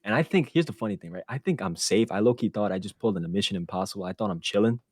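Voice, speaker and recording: A man hosting a podcast, telling a story in a casual, animated and profane way, laughing as he goes. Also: fairly low pitch, rapid-fire, husky, no room sound, studio quality. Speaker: podcast host.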